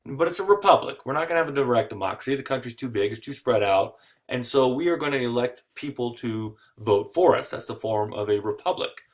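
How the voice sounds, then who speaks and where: A man giving a recorded history lecture, lively and digressive, with jokey asides. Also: medium pitch, fairly quick.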